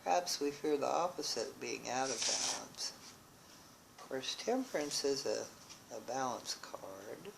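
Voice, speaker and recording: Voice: mid-range voice, lively intonation, a little slow, creaky, very noisy. A tarot reader working through a card spread, thinking aloud with restarts and often exclaiming in wonder. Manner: musing, with frequent exclamations of wonder.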